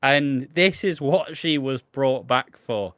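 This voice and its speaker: A man's voice: medium pitch, expressive, slow pace, a bit bright, no room sound, clean studio sound. A man co-hosting a podcast, chatting casually and teasing as he quotes characters from a soap. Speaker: podcast co-host. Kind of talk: casual chat recapping a soap.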